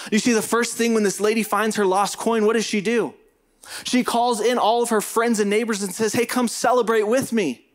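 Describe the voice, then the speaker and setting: Earnest preaching man, slightly higher voice. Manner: earnest, emphatic preaching with repeated phrases. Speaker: pastor. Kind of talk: sermon.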